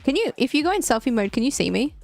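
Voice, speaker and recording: A young Australian woman streaming a game, her fairly high voice giggly and animated as she swears freely. She chats casually with friends. Faint game music sits behind her. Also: rapid-fire, vocal fry. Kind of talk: casual chat while gaming.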